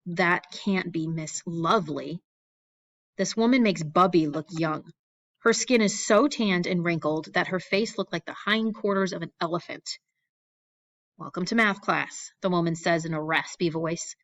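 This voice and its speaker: A woman's voice: fairly low pitch, moderate pace, fairly bright tone, dull audio. Woman reading a wry audiobook. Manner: wry, anxious storytelling of a young boy's thoughts. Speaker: audiobook narrator. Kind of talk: first-person audiobook narration.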